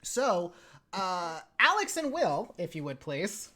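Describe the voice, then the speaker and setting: A woman narrating as game master in a tabletop role-playing game, casual and halting. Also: fairly low pitch, big pitch swings, bright, forceful tone. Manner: casual, halting, with many fillers and apologies.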